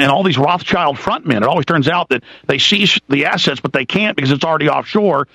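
An intense man rants through a political radio monologue, stacking lists and rhetorical questions. His voice is raised and gravelly, with a bright, forceful edge. The studio sound is dry and close. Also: on the high side, no echo, rough recording. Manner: intense, ranting, piles up lists, rhetorical questions, slows to hammer words. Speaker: radio talk show host.

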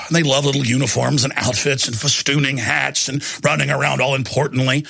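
A man hosting a political talk radio show, ranting and shouting with lots of repetition. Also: mid-range voice, little pitch movement, brisk, vocal fry, husky, dry recording, clean studio sound.

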